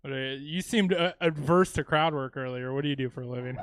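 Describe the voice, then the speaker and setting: High-voiced man doing stand-up. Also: quick pace, fairly bright tone, dry recording. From Louisiana, US. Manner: casual, swearing, chuckling asides. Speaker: stand-up comedian. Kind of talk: stand-up comedy set. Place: comedy theater stage.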